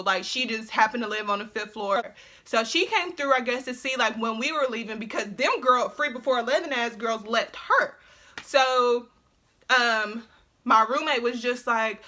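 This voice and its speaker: A young woman telling an animated, slang-heavy casual storytime, full of fillers and swearing. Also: fairly high pitch, moderate pace. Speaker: vlogger.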